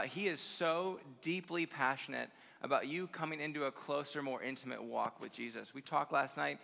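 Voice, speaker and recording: A man preaches to a college audience in a sermon full of personal stories, upbeat and effusive, often chuckling. His voice sits fairly high, bright and forceful with a gravelly edge. The sound rings with the long reverb of a big hall. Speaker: guest speaker at a college chapel conference. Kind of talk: conference sermon with personal storytelling.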